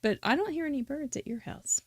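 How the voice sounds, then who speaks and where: A woman's voice: sits high, lively intonation, fairly quick, no room sound, clean studio sound. A woman hosting a live crafting show, chatting casually, teasing her guest and laughing often. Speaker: host. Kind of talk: casual live-stream chat.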